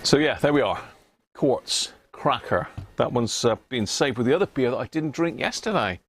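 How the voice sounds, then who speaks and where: A man's voice: medium pitch, lively intonation, fast talker, a little hiss or hum. A man hosting a casual live stream, chatting with viewers and reading labels aloud with little chuckles. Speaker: livestream host.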